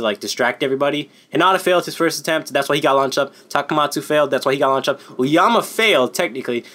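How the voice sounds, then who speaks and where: A man giving a casual, unscripted anime review, excitable and rambling, swearing constantly and filling gaps with "like.". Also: on the high side. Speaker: anime YouTuber.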